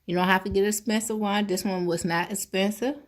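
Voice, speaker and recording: A woman's voice: mid-range voice, steady tone, a little fast. A woman hosting a casual cooking vlog, chatting to viewers as y'all and tasting food on mic. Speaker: cooking channel host.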